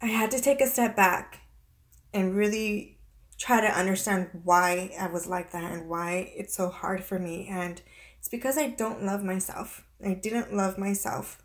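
Nearly in tears, a woman in her thirties confides in her viewers in a personal vlog, stumbling and restarting often and filling gaps with hesitations. Her voice is medium-pitched with fairly even intonation.

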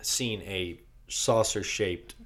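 A man's voice: low voice, slow, a bit bright. A young man from Virginia, co-hosting a podcast, telling a rambling story full of swearing and restarts. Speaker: podcast co-host. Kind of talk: casual storytelling chat.

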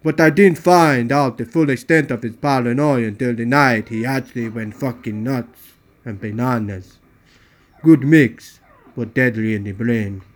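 A man hosting a podcast, reading a first-person audiobook aloud in a steady storytelling delivery. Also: mid-range voice, unhurried.

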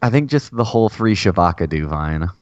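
A man co-hosting a casual podcast, talking in a hesitant, deadpan way. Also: deep voice, fairly quick, no room sound, muffled recording. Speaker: podcast co-host. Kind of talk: casual chat.

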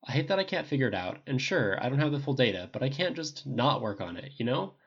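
A man's voice: mid-range voice, big pitch swings, quick pace, creaky, husky, muffled recording, voice pushed up, heavily acted. A man doing a wry, blunt male genius. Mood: worried. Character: brisk, sardonic adult male genius inventor.

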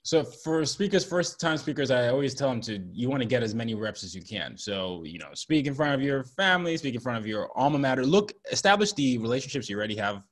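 A man's voice: mid-range voice, big pitch swings, fast talker, hardly any pauses, a bit bright. A man from Nigeria, a professional speaker and author, answering interview questions earnestly with examples.

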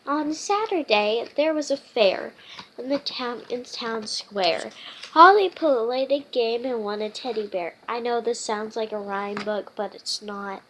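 A woman reading a children's picture book aloud as a storytime host, halting often with fillers and restarts. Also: on the high side, a bit bright, slight background noise, low-quality recording. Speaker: storytime reader.

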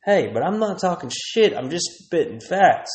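A man's voice: high voice, sing-song, normal speed, echoey room. A man, ranting crudely and rambling as a podcast host, laughing often. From Texas. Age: 30s. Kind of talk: profane comedic rant.

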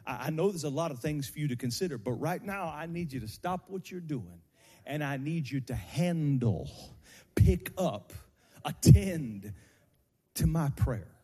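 A male pastor preaching a sermon to his congregation on a handheld microphone, building from slow teaching into shouted, sung cadences. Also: fairly high pitch, animated, breathy edge, long reverb tail. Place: church sanctuary.

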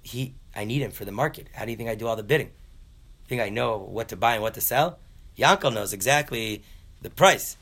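A man's voice: fairly low pitch, fast, fairly bright tone. A man voicing a demanding landowner's wife who scolds her husband in a raised voice. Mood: scolding.

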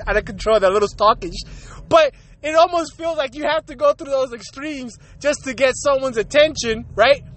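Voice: sits high, fairly bright tone. A podcast host delivering a heated, profane comedic rant in street slang, acting out both sides of the exchanges.

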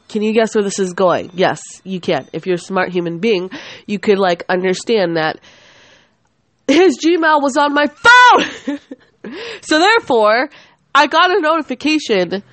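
A woman's voice: medium pitch, no room sound. A woman in her twenties hosting a podcast, rambling and swearing as she vents angrily, often cutting herself off mid-sentence. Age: 20s. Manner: rambling, profane, angry, self-interrupting. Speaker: podcast host. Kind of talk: casual venting monologue.

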